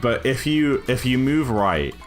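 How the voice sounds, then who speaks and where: A man's voice: mid-range voice, big pitch swings, a little slow, faint music behind. A British man chatting casually with his live-stream chat while speedrunning a game. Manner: chatty, apologetic, reads chat aloud.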